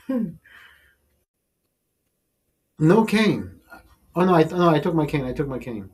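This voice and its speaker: A man's voice: fairly high pitch, unhurried, long pauses, darkish tone. A man hosting a live stream who tells a rambling, profane story in casual chat, laughing often and repeating himself. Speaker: show host. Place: studio.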